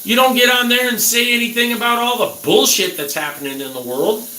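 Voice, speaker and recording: A man's voice: very high voice, moderate pace, sharp tone. A middle-aged man ranting crudely and angrily at his viewers in a casual talk. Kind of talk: casual rant. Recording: roomy echo, faint background noise.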